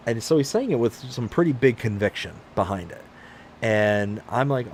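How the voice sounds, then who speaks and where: A man's voice: mid-range voice, a little fast, a little hiss or hum. A man hosting a livestream, telling a long personal story in casual chat and acting out the voices of the people in it. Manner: animated, acts out quoted voices. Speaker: livestream host.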